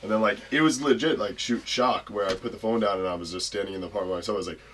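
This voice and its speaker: A man's voice: fairly low pitch, rapid-fire, a little hiss or hum. A man telling a wrestling story in casual, profane talk, jumping into voices for the people he quotes. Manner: profane, animated, acts out quotes in changing voices. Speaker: guest wrestler.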